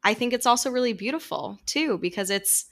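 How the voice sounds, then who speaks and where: A woman's voice: on the high side, expressive, fairly quick, vocal fry, a bit bright. A woman hosting a podcast, affirming her guest and reflecting thoughtfully. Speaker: podcast host. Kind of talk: interview conversation.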